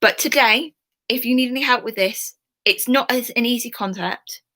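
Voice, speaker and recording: A young woman records a history lesson for her pupils at home. Her voice sits a little high and sounds bright and clear. She talks in a chatty, reassuring way and drops in plenty of "um"s. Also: normal speed. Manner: warm, reassuring, chatty with fillers. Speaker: history teacher.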